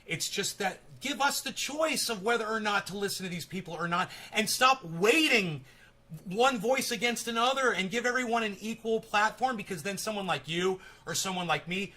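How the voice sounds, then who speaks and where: A man's voice: high voice, normal speed, bright, forceful tone. A man hosting a casual live-stream interview, talking in a chatty, rambling, opinionated way.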